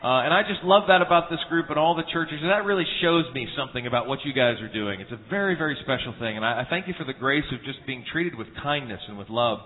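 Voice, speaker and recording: A man's voice: mid-range voice, fast talker, few pauses. A man preaching at a church conference, earnest and humorous, telling homespun stories with frequent restarts. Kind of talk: sermon with anecdotes. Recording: tinny phone-like sound in a reverberant hall.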